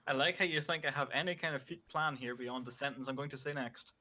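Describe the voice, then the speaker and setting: A man casually narrating an improvised story on a stream, wry and deadpan. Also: medium pitch, fast talker.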